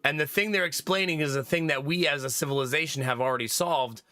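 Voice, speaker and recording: A man chatting casually to his live-stream viewers while gaming, talkative and quick to laugh. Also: a little high, pushed and bright, dry recording. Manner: chatty, laughs often, talks to chat. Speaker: game streamer.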